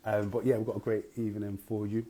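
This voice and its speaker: A man's voice: fairly low pitch, flat delivery, fast, dark tone. A man hosting a live-streamed interview show, talking in an upbeat, chatty way with slang. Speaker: host.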